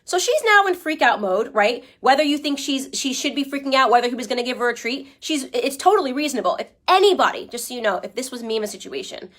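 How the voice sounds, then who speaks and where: A woman's voice: sits high, animated, fast, few pauses, fairly bright tone. Emphatic, argumentative woman commentator. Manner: emphatic, argumentative, keeps asking the listener "okay?". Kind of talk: opinionated commentary.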